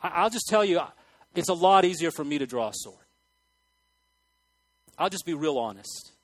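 High-voiced man preaching with lively swings. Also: normal speed, dry recording, poor audio. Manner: animated preaching with sudden loud acted outbursts and quiet asides. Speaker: pastor. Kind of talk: sermon. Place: church hall with congregation.

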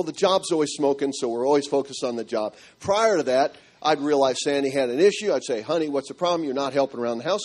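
Give me a middle-aged man with a slightly high voice telling his testimony in an animated way. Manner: animated storytelling, acting out quotes. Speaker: speaker giving a marriage testimony. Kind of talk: testimony to a church audience.

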